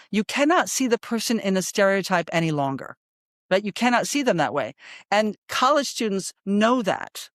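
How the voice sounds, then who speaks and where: A woman in her sixties, a psychologist guest in an interview, telling stories in an animated, emphatic way and often checking in with "right?". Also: mid-range voice, dry recording, studio quality. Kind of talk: storytelling in a conversational interview.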